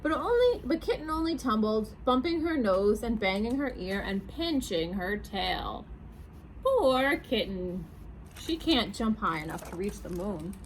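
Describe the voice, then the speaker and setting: A woman, a children's librarian, reading picture books aloud at a storytime, animated and asking her young listeners questions. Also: mid-range voice, normal speed, hardly any pauses, slight background noise, rough recording.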